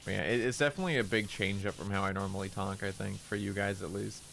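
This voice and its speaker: Chatting casually while streaming a game, this man stays relaxed and understated with little expression, intentionally speaking in a lower register. There's vocal fry in his voice and a little hiss or hum in the recording.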